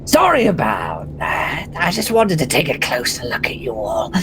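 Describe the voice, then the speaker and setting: GM voicing a huge rotting old witch, sly cackling hag, gravelly rasp, low and lively, slow taunting delivery. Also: a little hiss or hum. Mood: mocking.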